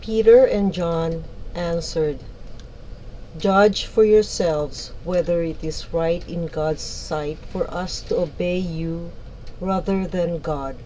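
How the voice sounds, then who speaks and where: A woman proclaiming a scripture reading in a slow, formal liturgical manner. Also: fairly low pitch, dark tone, slight background noise, poor audio. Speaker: scripture reader.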